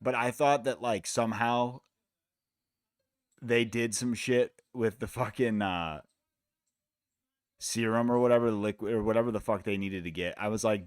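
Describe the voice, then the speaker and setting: A man's voice: on the low side, fairly even intonation, normal speed, pauses often, smooth, no room sound, clean studio sound. A man from the United States hosting a live fight watch-along stream, talking in a laid-back, rambling, profane way. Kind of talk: casual chat.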